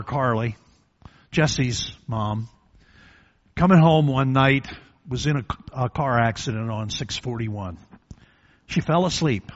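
An older man preaching a sermon in a church, telling a quiet personal story that swells into loud, drawn-out preaching. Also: mid-range voice. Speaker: pastor. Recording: dull lo-fi recording.

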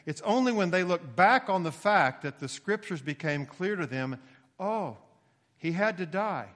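A man's voice: sits high, measured pace. A male preacher giving an expository sermon, explaining steadily and rising for emphasis now and then. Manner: explanatory, steady teaching tone with occasional emphatic rises. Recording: long hall reverb.

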